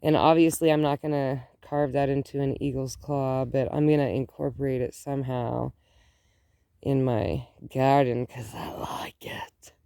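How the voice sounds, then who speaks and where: A woman's voice: extremely low pitch, fairly even intonation, a little slow, creaky, warm tone, clean tone, no room sound, clean studio sound. A middle-aged woman chatting casually in her garden as she films, rambling with lots of "like". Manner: rambling, says "like" often. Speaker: gardening vlogger. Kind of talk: casual vlog chat. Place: outdoor garden.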